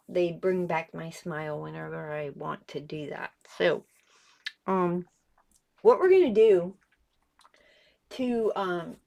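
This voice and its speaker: A woman hosts a laid-back painting tutorial, her voice slightly lisping and edged with gravelly fry. She talks in an unhurried way, chatty and giggly, cheering on her viewers with salty humor. The tone stays encouraging even when she swears. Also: on the low side. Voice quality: slight lisp. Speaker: art channel host.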